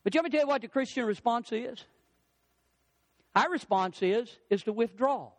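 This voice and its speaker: A middle-aged male pastor preaching a sermon, swinging his pitch and pace for emphasis. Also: expressive, fairly quick, dry recording.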